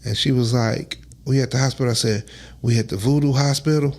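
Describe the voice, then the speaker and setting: Man, relaxed storytelling, acts out quotes. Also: medium pitch, brisk. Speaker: guest. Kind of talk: casual storytelling interview.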